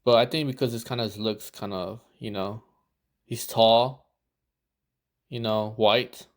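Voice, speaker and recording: A man's voice: on the low side, steady tone, unhurried. A man giving casual reaction commentary as a dating coach, rambling and swearing, acting out the lines he would use. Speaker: dating coach reviewing footage.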